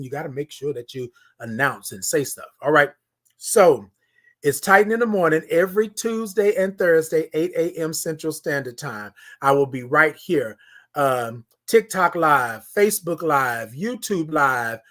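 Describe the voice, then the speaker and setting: A man. He preaches affirmations, repeats himself for emphasis, and drops from loud calls to near-hushed tones. He sounds close to a phone or webcam mic. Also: on the high side. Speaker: morning show host. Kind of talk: motivational live-stream talk.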